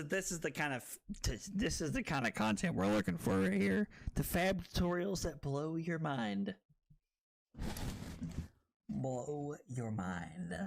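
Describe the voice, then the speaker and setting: A man streaming a card game, tipsy and rowdy, swearing, laughing and shouting with excitement. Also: fairly high pitch, vocal fry, slight background noise. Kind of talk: rowdy drunk livestream chat.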